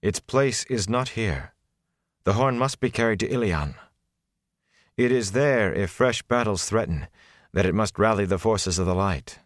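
A man reading a calm, stern sorceress. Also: low-pitched, no room sound, studio quality. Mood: measured. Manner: measured, flat and unhurried. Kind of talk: audiobook character voice.

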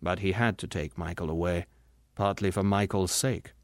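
A man reading the part of a gentle, patient spirit who calmly explains things to his grieving sister in an audiobook. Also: deep voice, normal speed, dry recording, studio quality. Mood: patient, earnest. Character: patient, gentle bright spirit, the ghost's brother.

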